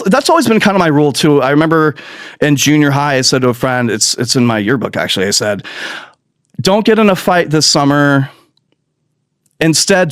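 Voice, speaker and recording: A man's voice: medium pitch, no room sound, clean studio sound. A man hosting a podcast, delivering a profane, sarcastic political rant full of mocking mimicry. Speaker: podcast host.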